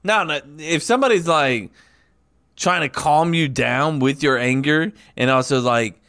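A man's voice: on the high side, a little slow, a bit bright, dry recording, studio quality. A man in casual podcast chat, tossing in joking, rowdy remarks.

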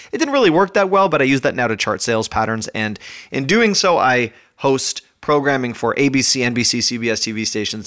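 A man hosting his own podcast from home, talking in a chatty, energetic, self-mocking way while a little out of breath. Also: lowish voice. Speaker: podcast host. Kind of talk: casual podcast monologue.

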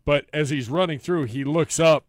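A man's voice: fairly high pitch, moderate pace, no room sound, studio quality. A man co-hosting a sports radio show, retelling commercials in a loose, rambling way. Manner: rambling, retells ads with quoted lines. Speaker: co-host. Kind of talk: casual sports radio chat.

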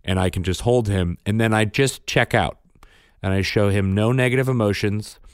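A man's voice: lowish voice, normal speed, smooth, no room sound, clean studio sound. A man, a father, telling a parenting story in casual chat, matter-of-fact in tone. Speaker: podcast co-host and father.

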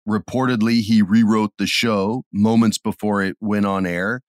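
This middle-aged man co-hosts a podcast, chatting and telling stories at a moderate pace before abruptly dramatizing scenes with loud outbursts. His fairly low voice is close and dry, with no echo and no room sound.

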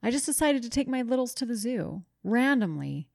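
A young woman and mother co-hosting a podcast, telling a funny story in an animated way, swearing casually. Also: on the high side, fairly quick, gravelly, no room sound, studio quality. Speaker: podcast co-host. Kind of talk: casual chat.

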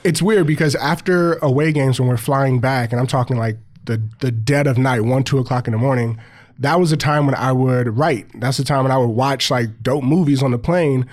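A man co-hosting a podcast, trading loose, profane stories with friends. His voice is mid-pitched and a little nasal. He laughs often and talks animatedly. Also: moderate pace. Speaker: podcast co-host, former football player. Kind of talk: casual podcast chat.

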